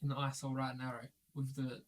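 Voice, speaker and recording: A man's voice: mid-range voice, monotone, fast. A man playing at a tabletop game, joking and swearing casually with friends. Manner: swears, jokey. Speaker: player.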